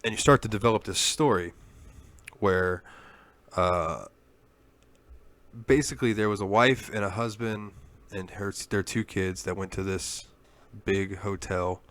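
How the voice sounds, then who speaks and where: Lowish, rambling man retelling a game. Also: unhurried, fairly bright tone, no room sound. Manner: rambling storyteller, swears freely. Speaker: podcast co-host. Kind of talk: casual chat.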